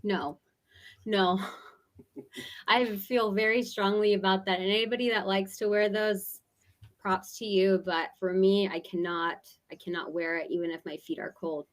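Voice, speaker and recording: A woman chats as a guest on a webinar over a video call. She is bubbly and laughs often. Her talk is relaxed and friendly. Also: medium pitch, a little slow. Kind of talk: casual webinar chat.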